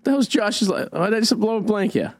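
A man's voice: high voice, big pitch swings. A man co-hosting a casual radio show, plugging upcoming dates and stumbling over his words with lots of fillers. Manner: halting, many fillers and restarts.

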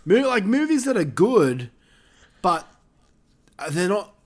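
A man with a fairly high, very lively voice that swings up and down as he talks. He chats loosely about movies, swearing freely and breaking into laughter often. The delivery is casual and unscripted. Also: slow. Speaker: podcast co-host reviewing films. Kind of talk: casual chat.

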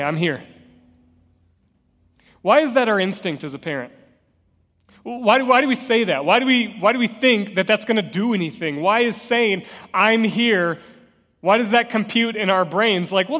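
A man with a high, fairly bright voice preaches a sermon as a pastor, earnestly sharing personal stories and repeating key phrases for emphasis. He's in a church sanctuary, and the recording carries a long hall reverb with faint guitar music underneath.

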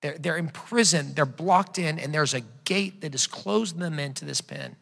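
A man's voice: fairly high pitch, normal speed, vocal fry, fairly bright tone. A man preaching a sermon as a pastor, retelling a story conversationally with frequent restarts. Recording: long hall reverb.

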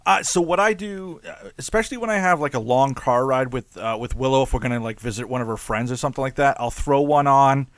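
A man's voice: medium pitch, quick pace, few pauses, no echo. A man co-hosting a podcast in casual chat, jokey and laughing often. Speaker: podcast co-host.

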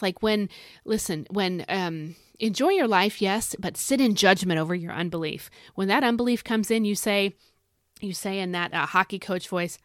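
A woman's voice: mid-range voice, dry recording, clean studio sound. A woman hosting a devotional podcast, talking in an earnest, encouraging, conversational way. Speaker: podcast host.

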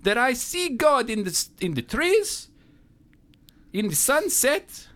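A pompous male theologian, put on by a man, lectures in a thick, clumsy mock-Italian accent. The voice sits high and swings widely up and down, earnest and preachy with barely held-back laughter. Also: sing-song, slow, a bit bright, full character voice. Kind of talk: comedic role-play.

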